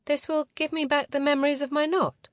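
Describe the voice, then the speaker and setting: A woman's voice: high-pitched, flat delivery, a little fast, dry recording, clean studio sound, pitched above the performer's own voice, lightly acted. A woman voicing a shaken young woman held captive, asking tense, pleading questions in a storybook reading.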